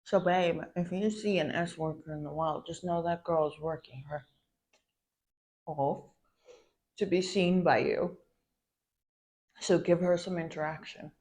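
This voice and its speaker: A woman's voice: on the low side, fairly even intonation, measured pace, long pauses, a little mellow. A woman content creator venting in a POV girlfriend role-play, swearing often and calling the listener babe. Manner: profane, ranting, calls the listener babe.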